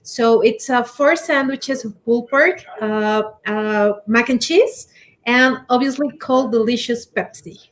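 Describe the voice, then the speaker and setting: An enthusiastic woman with a high voice chats on a casual talk show. She teases her co-host and laughs easily. She talks about her business with eager energy. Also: unhurried. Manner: enthusiastic, teasing, laughs often. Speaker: commercial director, guest on talk show.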